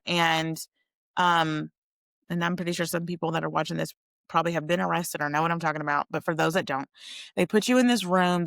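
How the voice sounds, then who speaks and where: A candid young woman tells her story straight to viewers, swearing now and then. Her voice sits fairly low and has a gravelly edge. The sound is dry and close, with no room echo. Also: a bit bright. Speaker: vlogger sharing a personal story. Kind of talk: casual storytelling to camera.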